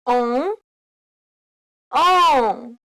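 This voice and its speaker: A woman modeling single sounds and words with drawn-out, careful enunciation. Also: high-pitched, animated, fairly bright tone. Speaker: native-speaker pronunciation model. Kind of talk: slow isolated word pronunciation.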